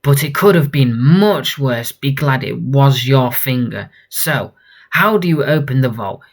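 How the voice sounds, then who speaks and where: A man voicing a cold, sadistic female villain from a comic, speaking slowly and teasingly. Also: medium pitch, lively intonation. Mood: mocking. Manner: slow, teasing, mocking.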